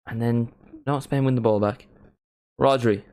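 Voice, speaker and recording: A man with a mild Northern Irish accent hosts a live football watchalong. He talks in a casual, chatty way at a mid-range pitch and swears freely. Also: fairly even intonation, a little slow, darkish tone. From Northern Ireland. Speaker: watchalong host.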